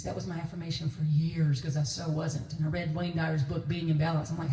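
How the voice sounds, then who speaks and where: A woman's voice: sits low, steady tone, a little fast, hardly any pauses, warm tone. A woman minister giving a conversational sermon, telling stories with laughs and quoted voices. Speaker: guest minister. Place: church sanctuary. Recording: echoey church from a distance.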